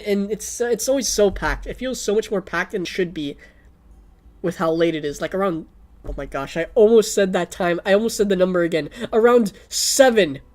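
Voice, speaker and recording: Rambling young woman streamer, lowish voice. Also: a little mellow. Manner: rambling, fills speech with "like", Valley Girl lilt. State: sore throat. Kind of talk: casual livestream chat.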